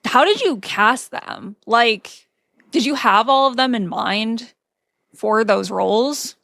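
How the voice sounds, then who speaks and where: Brief: woman host, slow and gravelly, dry close sound. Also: a little high, expressive, a bit bright, no room sound. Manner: enthusiastic, asks questions. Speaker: podcast host. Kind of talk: casual chat.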